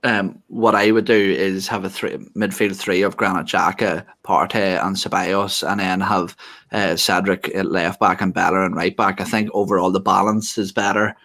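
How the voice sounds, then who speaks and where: Low-voiced blunt male podcast co-host. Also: little pitch movement, normal speed, a bit bright. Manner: blunt, opinionated, swears. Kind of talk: casual chat.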